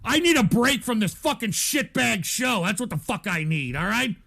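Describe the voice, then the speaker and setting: A man's voice: sits high, sing-song, moderate pace, gravelly, bright, forceful tone, a little hiss or hum. A man hosting a livestream, ranting angrily and sighing as he reads out donation messages. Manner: exasperated, cursing, sighing. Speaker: livestream host reading donations. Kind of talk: angry livestream rant.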